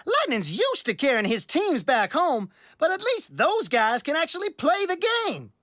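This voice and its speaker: Woman voicing a cocky young jock, boastful, brash, very animated pitch, high. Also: moderate pace, no echo, studio quality, exaggerated voice. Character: cocky young male jock, boastful, speaks of himself in third person.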